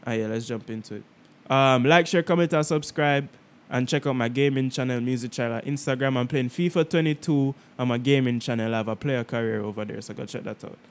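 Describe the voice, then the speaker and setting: A man with a Jamaican accent hosting a reaction video, talking casually in an excitable, rambling way. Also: medium pitch, brisk. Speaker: reaction channel host.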